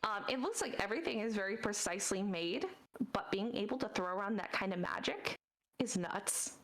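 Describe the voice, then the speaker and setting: A woman's voice: mid-range voice, expressive, a little fast, a bit bright, rough recording. Casual woman narrating a tabletop game. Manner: casual, descriptive, many "um"s. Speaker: dungeon master.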